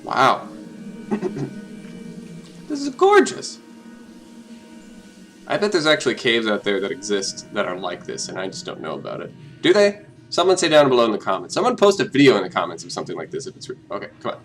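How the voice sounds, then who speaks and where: A man giving casual, jokey commentary while playing a game, often gushing in a high voice. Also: quick pace, faint music behind, poor audio. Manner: excitable and jokey, jumps to high-pitched gushing. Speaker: let's play host.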